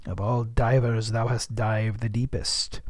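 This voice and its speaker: A man voicing an obsessed old sea captain in an audiobook, muttering low and solemnly. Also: little pitch movement, measured pace, dry recording. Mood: solemn brooding.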